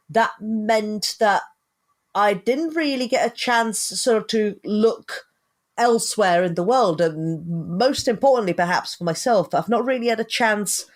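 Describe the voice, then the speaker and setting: A woman co-hosting a podcast in casual chat, rambling with frequent restarts and hedges. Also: medium pitch. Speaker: podcast co-host.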